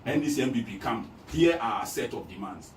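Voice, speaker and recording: A man's voice: medium pitch, expressive, a little fast. A man from Ghana talking emphatically as an interview guest, repeating his points like a campaigner. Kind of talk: casual interview talk. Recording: echoey room, distant mic, noisy.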